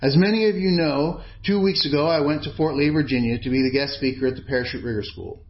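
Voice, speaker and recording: Earnest male preacher on dull audio. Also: fairly high pitch. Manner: earnest, measured, emphatic. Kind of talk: sermon.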